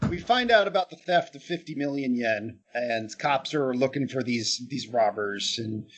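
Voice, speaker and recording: A man co-hosting a movie podcast, casually recapping scenes and acting out characters in quick high voices. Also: animated. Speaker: podcast co-host. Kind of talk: casual movie-review banter.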